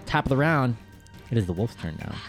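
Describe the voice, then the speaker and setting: A man's voice: mid-range voice, very animated, fairly quick, faint music behind. A man narrating a tabletop game as game master, patiently explaining rules and laughing often.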